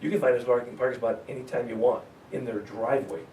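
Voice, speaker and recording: A man teaching a real estate sales seminar to a live audience, energetic and joking, often laughing at his own stories. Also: medium pitch, fast, dull audio, slight background noise. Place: meeting room with a live audience. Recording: echoey room, mic far off.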